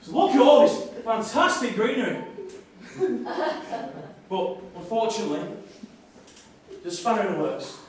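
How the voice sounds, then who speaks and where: In this live character comedy, a man with a high, sing-song, somewhat mellow voice plays a loudmouthed, bigoted nationalist party leader, speaking at normal speed with long pauses. He swears crudely and orders volunteers from the audience around; the recording sounds distant and echoey in the hall.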